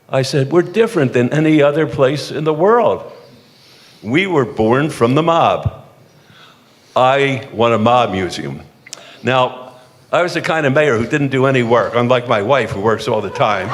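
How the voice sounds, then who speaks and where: An older man from the eastern United States, a former mayor telling self-deprecating, jokey stories on a panel, with frequent restarts. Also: mid-range voice. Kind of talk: humorous anecdotal storytelling on a panel. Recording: long hall reverb.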